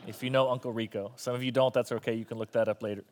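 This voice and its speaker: A man's voice: mid-range voice, fairly even intonation, racing, darkish tone. Man preaching in a casual joking way. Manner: conversational, joking asides. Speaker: pastor. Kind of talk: sermon.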